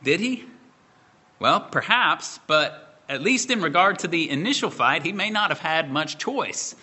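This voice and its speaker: Bright-voiced preacher man, measured. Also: a little high, expressive, slightly rough. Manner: measured expository preaching with rhetorical questions. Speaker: pastor. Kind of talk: sermon.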